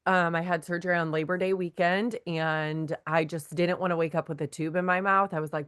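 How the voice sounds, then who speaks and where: A talkative woman tells her testimony to a faith group. Her voice sits low and sounds smooth and clear. She acts out the words of the people in her story as she goes. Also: level tone, moderate pace, few pauses, fairly bright tone. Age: 30s. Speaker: guest sharing her testimony. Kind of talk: personal testimony in a faith meeting.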